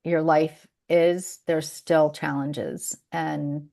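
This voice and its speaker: A woman with a gravelly, slightly low voice co-hosts a podcast in relaxed conversation. She tells stories loosely, laughs often and stops to restart her sentences. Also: very slow. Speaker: podcast co-host. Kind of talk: casual chat.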